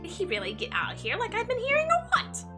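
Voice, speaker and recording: A woman's voice: extremely high pitch, huge pitch swings, quick pace, pitched above the performer's own voice, heavily acted. A woman voicing a chatty, nosy shopkeeper in a folksy, sing-song manner. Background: game music.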